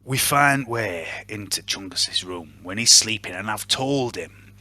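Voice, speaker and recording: A man playing a calculating prisoner who plots an escape with his brother, speaking in a Yorkshire accent with a hushed, breathy delivery. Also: fairly low pitch, expressive, unhurried, dry recording, exaggerated voice. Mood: scheming. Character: scheming male prisoner, calculating older brother. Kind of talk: tabletop role-play in character.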